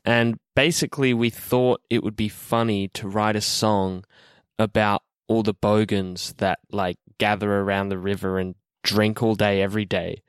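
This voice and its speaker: Laid-back Australian man, smooth and dry. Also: fairly low pitch, little pitch movement, moderate pace, no room sound. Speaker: band member. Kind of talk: recorded message about a song.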